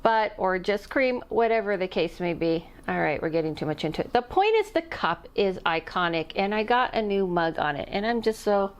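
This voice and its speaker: A woman's voice: mid-range voice, lively intonation, moderate pace, hardly any pauses. A middle-aged woman who works as an intuitive medium, chatting casually to camera on her vlog and rambling off topic with little laughs. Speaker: intuitive medium and channel host.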